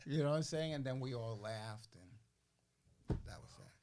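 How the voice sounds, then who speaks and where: An older man, a guest on a podcast, telling stories in a casual, animated way. He acts out the voices of the people he quotes and keeps asking "you know what I'm saying?". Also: mid-range voice, unhurried. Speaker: interview guest. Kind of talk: casual storytelling.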